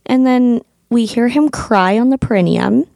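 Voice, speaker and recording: A woman's voice: fairly high pitch, unhurried, creaky, mellow, no echo, clean studio sound. A woman in her thirties, a podcast host and doula, telling her own birth story in a candid, emotional way that includes swearing.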